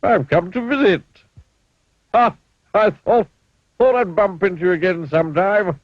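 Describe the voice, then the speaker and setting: A man's voice: high-pitched, unhurried, no room sound, voice pushed up. A man voicing a jolly, accident-prone male cartoon character who laughs as he talks. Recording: dull lo-fi old cartoon audio.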